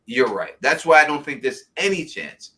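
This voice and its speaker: A man with a New York accent, chatting loosely and animatedly about a show as host. His voice is bright and forceful. He chuckles often as he rambles on. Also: a little high, big pitch swings, normal speed. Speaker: podcast host. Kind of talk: casual TV recap chat.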